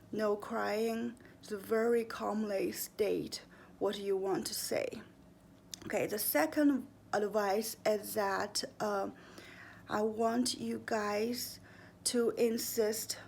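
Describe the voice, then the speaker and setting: Brief: young woman vlogger, slow and deliberate, gravelly voice, earnest advice. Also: medium pitch, slight background noise. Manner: calm, earnest, deliberate, with fillers and slips. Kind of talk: casual advice monologue.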